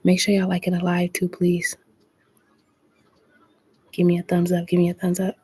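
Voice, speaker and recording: A woman tarot reader chatting casually on a late-night live stream, talking low and soft and greeting viewers by name in a laid-back way. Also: completely flat delivery, normal speed, husky.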